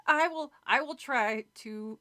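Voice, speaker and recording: A woman's voice: high-pitched, slow, bright, forceful tone. A woman streamer reading a children's book aloud and chatting casually, joking, swearing and laughing at the story.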